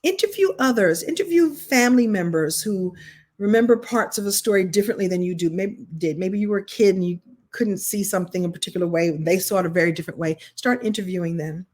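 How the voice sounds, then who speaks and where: A middle-aged woman leads an online writing masterclass. Her voice sits in a middle register, and her delivery is expressive and conversational. She restarts her sentences often while telling stories. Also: mid-range voice, fast. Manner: expressive, chatty storyteller with frequent restarts. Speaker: writing coach.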